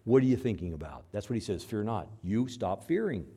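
A middle-aged man preaching a sermon, swinging between loud, high outbursts and low, quiet asides as he acts out dialogue between God and doubters. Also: animated, fairly quick, slightly rough. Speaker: pastor.

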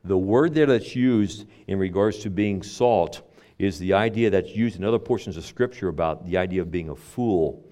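A male pastor with a low, mellow voice preaches a sermon at a moderate pace. He quotes King James scripture, repeats words often, and builds up to emphatic, stressed phrases.

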